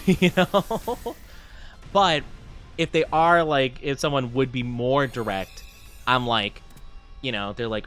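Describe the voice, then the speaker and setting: A young man chatting casually on a live stream, rambling and self-deprecating, often jumping into high squeals. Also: lively intonation, normal speed, a bit bright, soft background music.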